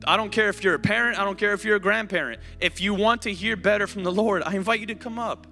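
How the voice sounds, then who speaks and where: A man's voice: high voice, quick pace, creaky. A man preaching a sermon and giving an altar call, earnest and pleading, with repeated invitations to come up. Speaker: pastor. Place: church sanctuary. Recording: hall reverb, music playing softly behind.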